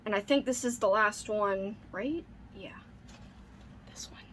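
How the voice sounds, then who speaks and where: A woman's voice: medium pitch, unhurried, long pauses. A young woman book vlogger unboxing mail in casual chat, gushing and squealing with delight, saying "like" and "oh my god" often.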